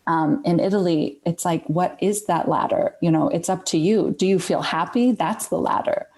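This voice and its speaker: A woman with a low voice and a gravelly fry at the edges of her words. She talks casually as a guest, pausing often with fillers and restarting her phrases. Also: a little mellow. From United States. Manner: hesitant, many fillers and restarts. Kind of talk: casual conversation.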